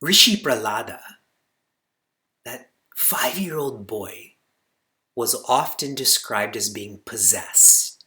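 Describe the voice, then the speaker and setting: A male teacher, mid-range in pitch, leads an animated spiritual discourse for his students. Key words get a sharp upward push, the Sanskrit is recited unhurriedly, and he checks in with the room through short questions.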